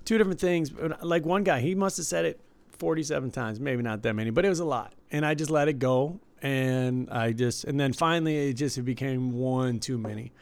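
A man's voice: medium pitch, a little fast, few pauses, no room sound. A man who works at a casino, chatting casually and agreeably about his job. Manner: easygoing, agreeable, lots of yeah and right. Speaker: casino worker and podcast co-host. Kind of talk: casual chat.

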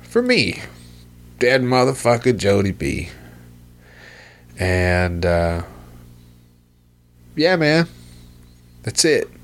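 A man's voice: fairly low pitch, sing-song, extremely slow, long pauses. A man hosting a podcast, chatting casually in a rambling, profane, laid-back way. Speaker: podcast host.

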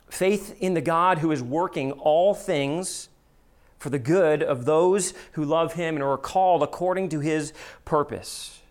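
A middle-aged man preaching a sermon as pastor, opening with an earnest prayer and telling a story with quoted voices. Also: fairly high pitch.

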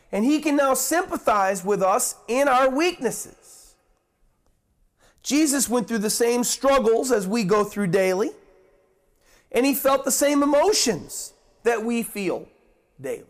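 Guy preaching a sermon, high voice, keeps repeating words for emphasis. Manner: restarts and corrects himself.

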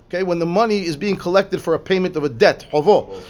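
Rabbi guy teaching talmud, high voice, reads hebrew then explains, lots of "right?". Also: fast talker, a little mellow. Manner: repeats words and restarts, asks "right?" often. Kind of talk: lively Torah class, reading Hebrew text and explaining.

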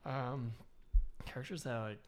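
A man's voice: medium pitch, moderate pace. A man co-hosting a casual podcast chat, hesitant and joking. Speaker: podcast co-host.

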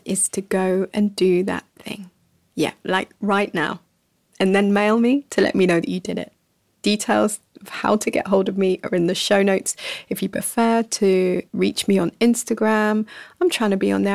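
A woman hosting a reflective podcast, speaking softly and slowly, dropping to a whisper at times and laughing at herself. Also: mid-range voice, steady tone, creaky, dry recording, clean studio sound. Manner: soft and slow, sometimes whispering, laughs at herself. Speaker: podcast host. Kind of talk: gentle reflective podcast talk.

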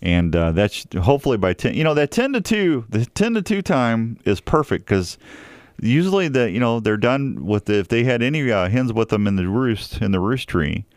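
A man's voice: mid-range voice, big pitch swings, normal speed, a little mellow, no room sound. A man hosting a radio talk show, chatting casually in a rambling, jokey way with frequent restarts.

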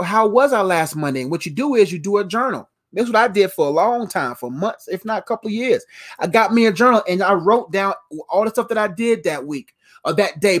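A man in his thirties giving a motivational talk, repeating his points emphatically in a preacher-like rhythm. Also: high voice. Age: 30s. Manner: repetitive, emphatic, preacher-like cadence. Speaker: motivational speaker.

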